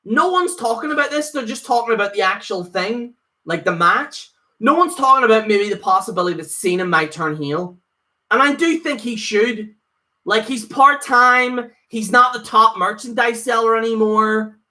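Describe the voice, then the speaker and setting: A man's voice: high-pitched, animated, moderate pace, pushed and bright. A man giving a casual, opinionated live review, rambling with lots of fillers and restarts. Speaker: wrestling show reviewer.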